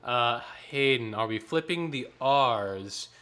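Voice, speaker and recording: A man leading a choir rehearsal online, coaching the singers in a friendly way, checking in often and clearing his throat now and then. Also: medium pitch, lively intonation, slow, pushed and bright, soft background music. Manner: counts in and demonstrates rhythms aloud. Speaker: choir director.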